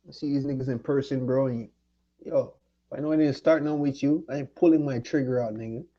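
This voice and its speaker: A medium-pitched, warm voice with a steady tone moves at a quick pace as a Jamaican man rants at someone on his livestream. He is angry, profane and confrontational, and the audio is dull.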